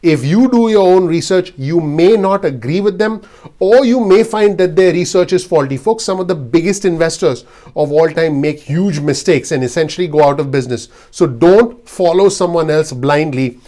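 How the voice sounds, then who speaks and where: A man's voice: a little high, normal speed, mellow. A man giving blunt, earnest investing advice straight to his video audience. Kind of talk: direct-to-camera advice talk.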